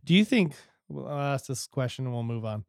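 A man's voice: mid-range voice, animated, fairly quick, gravelly, a little mellow, smooth, no echo. A man from Utah hosts a casual podcast conversation with friends. He talks in a laid-back way and laughs easily, his voice sitting in a middle register. The sound is dry and close to the mic. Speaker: podcast host. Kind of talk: casual chat.

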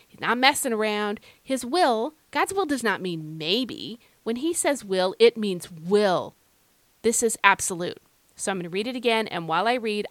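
A woman's voice: medium pitch, fairly bright tone, no echo. An Irish woman hosting a devotional podcast, talking in an earnest, encouraging, conversational way. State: recovering from feeling unwell. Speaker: podcast host. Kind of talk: devotional Bible podcast talk.

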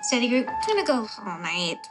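An actress playing a fifteen-year-old schoolgirl in a thriller trailer, over loud music. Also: fairly high pitch, sing-song, a little fast. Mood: light. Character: fifteen-year-old girl, missing student.

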